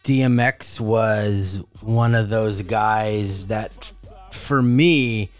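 A man co-hosting a casual podcast, joking and animated, swinging into playful voices. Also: fairly low pitch, very slow, clear, resonant tone, faint music behind. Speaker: podcast co-host.

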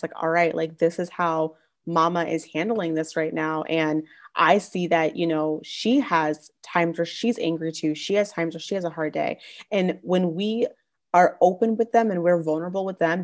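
Low-pitched woman, casual podcast talk, earnest parenting stories, restarts often. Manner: earnest, warm-hearted storytelling with many restarts. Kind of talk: casual chat.

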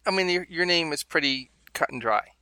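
A man's voice: fairly high pitch, expressive, brisk, pushed and bright, smooth, no room sound. A man co-hosting a podcast, chatting casually and rambling with amused asides. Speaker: podcast co-host. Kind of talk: casual chat.

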